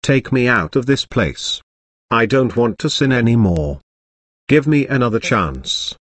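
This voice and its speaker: A woman voicing an anguished male pastor trapped in hell, in a deep, strained, pleading voice. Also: animated, unhurried, no echo, full character voice. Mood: desperate. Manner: desperate, begging and preaching.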